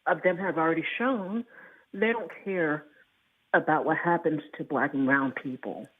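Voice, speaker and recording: Low-voiced woman caller on a phone line. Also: husky. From Alabama, US. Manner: earnest, halting. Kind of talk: call-in radio.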